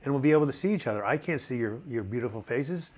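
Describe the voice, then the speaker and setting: The host of a mental health live chat, an older man, sounds animated and fast in a mid-range voice. He's upbeat and casual, peppering his reading of viewer comments with fillers.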